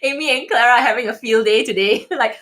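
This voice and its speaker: A woman hosting a casual live Q&A, chatting with viewers and reading their comments aloud. She is animated and laughs often, with frequent restarts. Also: on the high side, quick pace. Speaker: livestream host reading viewer chat.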